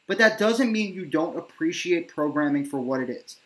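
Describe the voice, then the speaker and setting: A man's voice: a little high, lively intonation, moderate pace, few pauses, fairly bright tone. A man from New York hosting a casual wrestling debate, emphatic and opinionated, talking in long runs. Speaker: podcast host.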